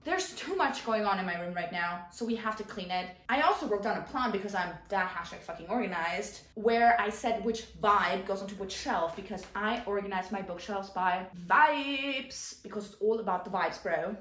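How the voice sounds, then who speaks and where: A woman's voice: medium pitch, animated, normal speed, few pauses. Chatty young woman, echoey room. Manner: chatty, swears casually. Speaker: booktuber. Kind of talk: casual vlog chat while tidying. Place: her bedroom. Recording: echoey room, mic far off.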